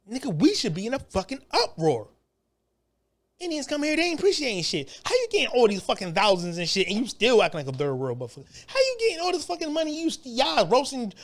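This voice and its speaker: Heated profane ranter with lively pitch. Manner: heated, stammering repetitions, profane. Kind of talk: profane comedic rant.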